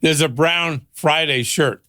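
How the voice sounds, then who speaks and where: A man's voice: fairly high pitch, takes it slowly, sharp tone, no echo, clean studio sound. An older man, a father on a podcast, telling family stories casually and laughing through them.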